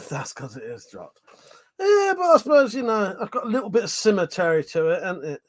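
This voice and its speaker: A man's voice: sits high, very animated, moderate pace. A man hosting a live stream, chatting casually with viewers and laughing often between jokes and swearing.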